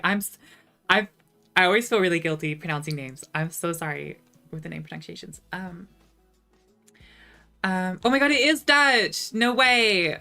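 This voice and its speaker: A woman's voice: fairly low pitch, a bit bright. A woman chatting casually on a livestream, reading chat messages and answering with sarcastic asides. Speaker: streamer reading live chat.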